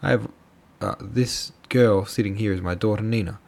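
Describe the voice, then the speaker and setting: A man voicing a poor, excitable middle-aged captain who pleads and frets. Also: lowish voice, normal speed, creaky. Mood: pleading.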